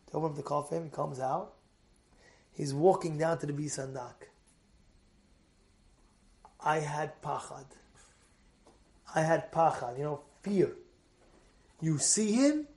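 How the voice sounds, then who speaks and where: High-voiced guy preaching, all storytelling, goes loud then real hushed. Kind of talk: animated sermon storytelling.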